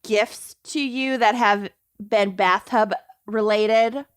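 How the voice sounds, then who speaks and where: A woman co-hosting a podcast, reading the show intro and then chatting in a brisk, matter-of-fact way. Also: medium pitch, fairly even intonation, smooth. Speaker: podcast co-host. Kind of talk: scripted show intro and casual chat. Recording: music playing behind the voice.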